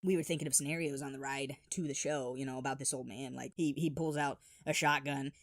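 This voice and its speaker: A man telling funny childhood stories in an animated, exaggerated voice-over. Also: medium pitch, brisk, slight background noise. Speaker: storyteller. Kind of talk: animated comedic storytelling.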